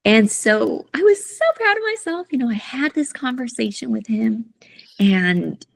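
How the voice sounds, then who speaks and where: A middle-aged woman telling a personal story in an interview, soft-spoken, halting and emotional. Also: fairly high pitch, animated, gravelly. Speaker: guest, coach.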